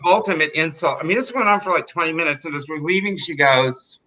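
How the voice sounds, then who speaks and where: Guy telling a story, lots of likes, bright kinda high voice. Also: fast talker, rough recording. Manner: animated, chatty, filler-heavy. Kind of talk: live storytelling.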